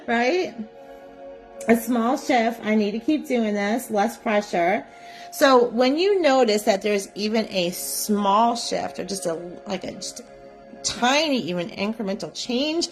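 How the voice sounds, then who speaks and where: A woman teaching a live psychic development class, guiding listeners gently and often checking in with "right?". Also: on the high side, animated, unhurried, faint music behind. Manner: gentle, coaxing, repeats "right?". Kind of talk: guided live class instruction.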